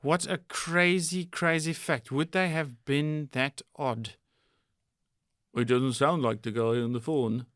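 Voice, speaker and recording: A man from South Africa co-hosting a comedy podcast, playful and quick to exclaim. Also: mid-range voice, steady tone, a bit bright, no echo, clean studio sound. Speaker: podcast co-host. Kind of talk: casual comedy chat.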